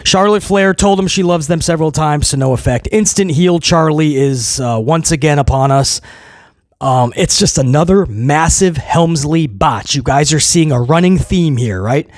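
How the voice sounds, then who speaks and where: A man talks through a wrestling show in a casual spoken review, blunt and emphatic, stacking up repeated phrases. His voice sits fairly high for a man. The sound is dry and close, with no room behind it. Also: normal speed, no echo.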